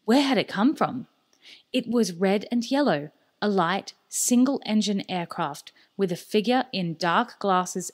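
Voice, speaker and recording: Brief: woman reading a thriller audiobook, measured and steady. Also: mid-range voice. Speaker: audiobook reader. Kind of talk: scripted narration.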